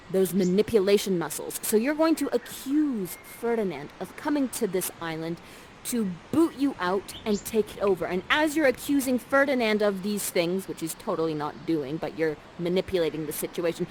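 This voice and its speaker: A woman's voice: mid-range voice, darkish tone, a little hiss or hum, rough recording. Upbeat woman directing an interactive play. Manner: upbeat, theatrical stage-directing. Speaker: actor guiding participants through an interactive show. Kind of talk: directing an interactive theater scene.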